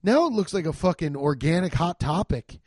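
Guy on a podcast riffing funny stories, swears a lot, voice jumps all over, kinda high, super dry sound. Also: normal speed, breathy edge, dry recording. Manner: animated, profane, acts out quotes in silly voices. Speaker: podcast host. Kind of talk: comedic storytelling.

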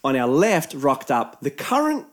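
Aussie bloke rambling thru a story, swears a lot, voice bouncing up and down. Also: male voice, mid-range voice, wildly swooping pitch, unhurried. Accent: Australian. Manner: rambling, profane anecdote telling with mimicked voices. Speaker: storyteller in a casual chat. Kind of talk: casual chat.

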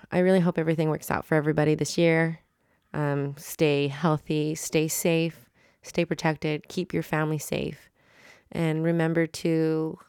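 A woman's voice: low voice, creaky, a little mellow, clean tone, dry recording, clean studio sound. A woman hosting a solo podcast, rambling and chatty in a casual, self-mocking monologue. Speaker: podcast host.

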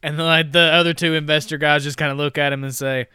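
A man co-hosting a movie podcast retells a plot in a loose, chatty way, full of "like" and "you know." His voice is bright and clear. It sits close and dry on the mic. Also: a little high, level tone, no echo. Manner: retells scenes with quick quoted voices, many fillers. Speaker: podcast co-host. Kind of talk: casual movie recap.

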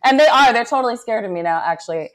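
A mother chatting casually as a podcast co-host, telling an animated story with lots of fillers. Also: fairly high pitch, quick pace, over a noisy crowd. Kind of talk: casual chat.

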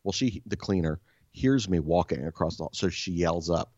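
A man casually telling a story as a podcast host, animated and exasperated, swearing often. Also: low voice, moderate pace, few pauses, dry recording, lo-fi sound.

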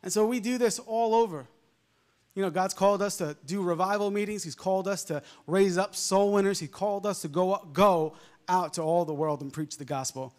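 A male preacher with a softened New York accent, delivering a fervent sermon full of amens and hallelujahs. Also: sits high, normal speed. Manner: fervent, peppered with amens and laughs.

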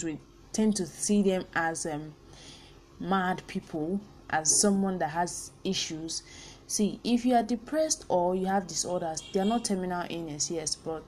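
Candid Nigerian woman with a mellow voice. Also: on the low side, a little hiss or hum. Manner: candid, earnest, mixes in pidgin phrases. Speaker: podcast host. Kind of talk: personal podcast monologue.

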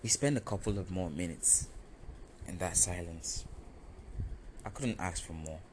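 A man telling a first-person story in an animated, confessional, self-mocking way. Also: low-pitched, a little slow, noisy background.

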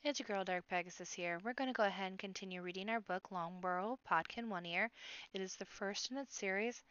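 A woman reading a children's book aloud, lively and expressive. Her voice is smooth and clear, dry and close, with a slightly muffled sound. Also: medium pitch, a little fast, no echo.

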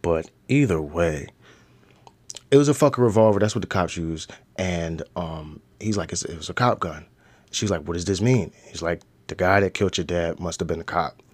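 A man's voice: deep voice, dry recording. A man hosting a casual podcast, retelling a show's plot in loose slang with lots of swearing and acting out the characters' lines. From United States. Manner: animated storytelling with slang and profanity, acting out characters. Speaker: podcast host. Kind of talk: casual show recap.

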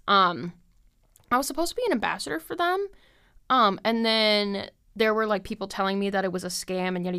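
A woman's voice: medium pitch, fairly bright tone, smooth. A woman in her twenties hosting a podcast, rambling in casual chat with lots of fillers and frequent laughs. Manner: chatty and scattered, heavy with fillers and frequent laughs. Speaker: podcast host.

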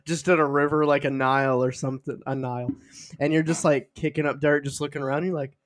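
A man's voice: mid-range voice, fairly even intonation, a little fast. A young man co-hosting a podcast, chatting casually and acting out silly made-up scenes. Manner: goofy, riffing, acts out silly scenes. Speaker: podcast co-host. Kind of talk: casual chat.

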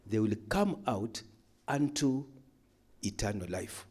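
A man teaching a Bible study in a church hall, emphatic, moving between loud calls and quiet asides. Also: fairly low pitch, unhurried, breathy edge. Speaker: pastor.

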